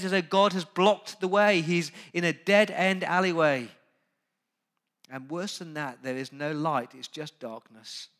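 A man preaching a sermon. He talks straight to the congregation and moves from quiet, conversational asides to loud, urgent emphasis. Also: fairly high pitch. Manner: conversational, asks the congregation direct questions. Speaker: pastor.

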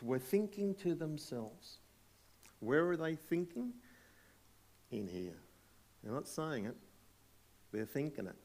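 A man's voice: medium pitch, darkish tone. A man preaching a sermon to a congregation, emphatic, asking rhetorical questions and polling the listeners. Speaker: pastor. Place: church hall before a congregation.

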